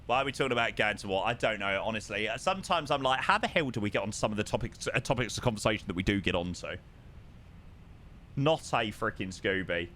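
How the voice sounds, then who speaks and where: Bright, lively streamer man. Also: lowish voice, fast talker, slight background noise. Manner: chatty, reads chat aloud and hums to himself. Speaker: flight sim streamer. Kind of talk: casual live-stream chat.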